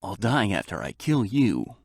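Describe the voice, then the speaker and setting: A man's voice: fairly low pitch, sing-song, measured pace, vocal fry, no room sound, heavily acted. A man voicing a tough, defiant male special-ops soldier who answers with curt, dry wisecracks in an audiobook.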